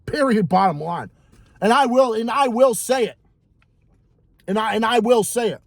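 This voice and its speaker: A fairly high-pitched man tears through a heated, profane monologue, circling back to the same lines again and again for emphasis. His voice sounds dry and close, with no room around it. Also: lively intonation, moderate pace, creaky, no room sound. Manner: heated, profane, repetitive ranting. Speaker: vlogger. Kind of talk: ranting monologue.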